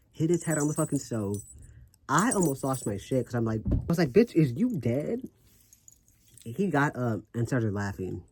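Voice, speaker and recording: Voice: mid-range voice, darkish tone. Sassy, foul-mouthed vlogger with a swollen tongue. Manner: sassy, brash and profane, laughing often. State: slurred speech from a swollen tongue. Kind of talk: casual vlog talk.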